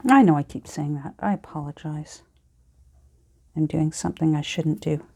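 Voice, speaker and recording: A woman's voice: low voice, moderate pace, vocal fry, pauses often, a little mellow. A middle-aged woman with a Canadian accent, chattering casually while she crafts, rambling and chiding herself with many ums and sighs. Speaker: crafting vlogger.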